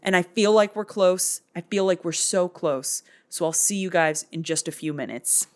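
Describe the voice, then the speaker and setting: A woman's voice: fairly low pitch, normal speed. A woman hosting a comedic movie recap late at night, sleepy, rambling with joking asides. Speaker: video host.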